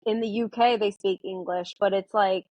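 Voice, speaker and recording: A woman's voice: mid-range voice, steady tone, moderate pace, a little mellow, dry recording, rough recording. A woman in her twenties, a therapist from the United States, chatting as a guest in a casual interview, with lots of "like" and acted-out quotes of herself.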